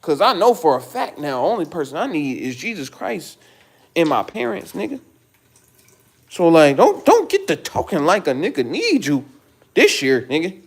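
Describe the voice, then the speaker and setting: Animated man ranting on a roomy livestream. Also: a little high, normal speed, creaky. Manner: rambling, profane, preachy, talks straight to chat. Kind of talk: casual livestream rant. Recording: roomy echo.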